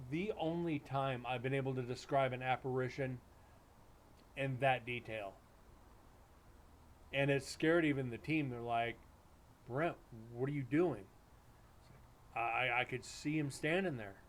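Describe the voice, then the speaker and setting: A middle-aged paranormal investigator tells a story on a live stream in a casual, rambling style, full of restarts and acted-out dialogue. His voice is medium-pitched, with slight background noise.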